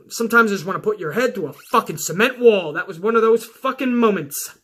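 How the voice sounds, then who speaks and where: Host type, man, high bright voice, profane sarcastic rant. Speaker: wrestling commentary host. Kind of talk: casual rant.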